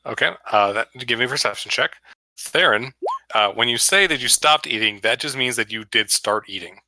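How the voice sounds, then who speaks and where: A man's voice: medium pitch, a little fast, bright, forceful tone, no room sound, low-quality recording. A man running a tabletop game over voice chat, giving plain, matter-of-fact rulings to players. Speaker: game master. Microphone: computer mic over online voice chat.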